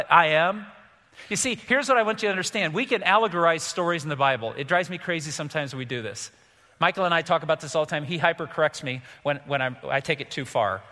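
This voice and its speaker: A middle-aged man pastor preaching a sermon, animated, acting out quotes with sudden swings from soft to loud. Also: on the high side, long reverb tail. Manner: animated, acts out quotes with big swings in loudness.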